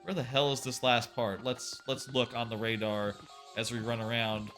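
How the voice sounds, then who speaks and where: A man's voice: mid-range voice, moderate pace, soft background music. A man streaming a video game, chatting casually in a rambling way with lots of fillers and swearing, sometimes acting out quotes. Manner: rambling, swears, many fillers, animated quoting. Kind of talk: casual gameplay commentary.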